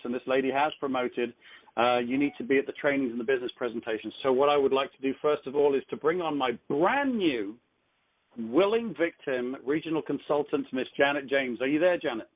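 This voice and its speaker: A man hosting a business training conference call, joking and coaching in an upbeat way. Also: medium pitch. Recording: tinny phone line.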